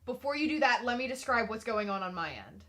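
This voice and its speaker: A woman's voice: fairly high pitch, animated, brisk, a bit bright. A woman co-hosting a podcast, telling her side of a story in casual chat with wry asides. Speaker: podcast co-host.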